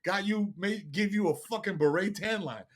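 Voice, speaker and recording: At a normal speed and with a high-pitched voice, a male podcast guest spins stories casually. His chat is slangy and full of swearing, and he imitates other people's voices.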